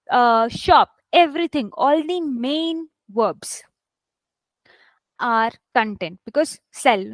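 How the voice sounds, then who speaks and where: A woman's voice: fairly high pitch, dry recording. A woman teaching an online English class. She gives examples, stresses words hard to show how it works, and often checks in with "right?". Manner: stresses words heavily to demonstrate. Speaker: English test instructor.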